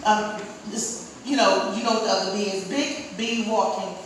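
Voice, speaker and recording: A woman in her forties performing stand-up, telling stories in animated bursts and jumping into high, loud character voices. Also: moderate pace. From Maryland, US. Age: 40s. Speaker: stand-up comedian. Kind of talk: stand-up comedy set. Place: comedy club stage. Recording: echoey club from a distant mic, crowd noise.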